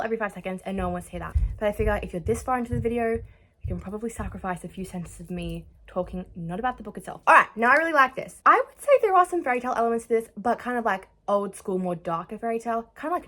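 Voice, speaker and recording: A woman's voice: medium pitch, fairly bright tone. A young woman in a casual vlog, chatting and gushing as she reviews books, trailing off mid-sentence as she searches for words. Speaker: book vlogger.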